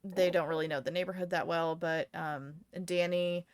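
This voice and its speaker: A woman narrating as game master of a tabletop game, casual and halting. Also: lowish voice, steady tone, no echo.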